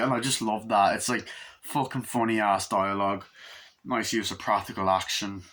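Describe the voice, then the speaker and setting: Young man, movie review, rambling, bright forceful voice, lowish pitch. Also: fairly even intonation, moderate pace. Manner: rambling, acts out quotes in raised voices, swears casually. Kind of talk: casual movie review recap.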